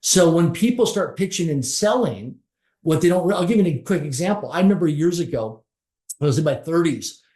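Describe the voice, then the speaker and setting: A middle-aged man pitched a little high tells a motivational story as an interview guest. He talks emphatically, piling up short repeated phrases. The recording has a roomy echo around his voice. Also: animated, normal speed, warm tone. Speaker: podcast guest.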